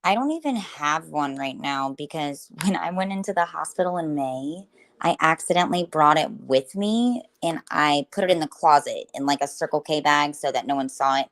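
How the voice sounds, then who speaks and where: Woman, podcast co-host, lowish voice, bawdy candid jokes. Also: animated, moderate pace. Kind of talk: casual chat.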